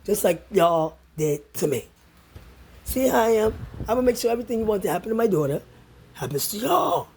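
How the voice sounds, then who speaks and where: A woman's voice: medium pitch, very animated, brisk, vocal fry, darkish tone, slight background noise. A woman in an angry, profane, direct-to-camera rant, taunting and confronting the listener. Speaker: vlogger.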